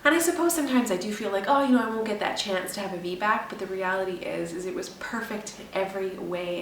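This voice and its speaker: A young woman talks to her camera in a rambling, emotional way that often breaks into laughter. Her voice sits at a middle pitch and comes from a little away from the mic. The room gives it an echo, with a faint hum underneath. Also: far from the mic. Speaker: vlogger. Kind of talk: casual chat.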